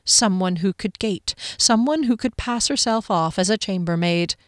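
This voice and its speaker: A woman's voice: mid-range voice, normal speed, no echo, clean studio sound. Woman narrating a fantasy audiobook. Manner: expressive, dramatic reading.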